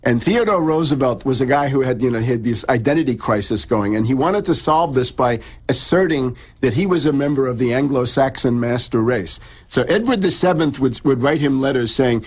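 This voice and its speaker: A man's voice: medium pitch, expressive, brisk, few pauses, breathy edge. A middle-aged man, an in-studio guest, lecturing on history in a radio interview, restarting and repeating words as he goes. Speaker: in-studio guest author and researcher.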